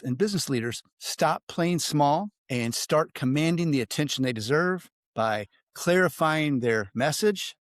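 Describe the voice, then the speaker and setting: Host: man, mid-range pitch, polished intro reads, easygoing questions, dry studio-close sound. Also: no room sound. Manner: polished, formal introduction then relaxed questions. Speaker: podcast host. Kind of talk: interview host, read introduction.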